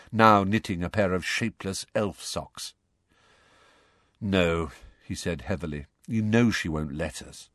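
A man narrating a storybook in a measured, expressive way. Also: lowish voice, no room sound, clean studio sound. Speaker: audiobook narrator.

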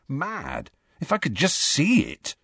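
Male narrator doing a nervous teen boy, raised pitch, hushed storybook voice. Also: wildly swooping pitch, moderate pace, no room sound, clean studio sound, exaggerated voice. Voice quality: breathy, faint. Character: nervous teenage boy wizard, Ron.

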